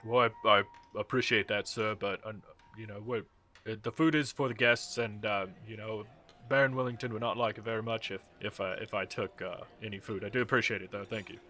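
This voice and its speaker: Guy doing a jittery polite guard, low and bright, lots of uhs. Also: steady tone, brisk, faint music behind. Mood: apologetic. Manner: apologetic, hesitant, stammering. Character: polite nervous male guard at a manor.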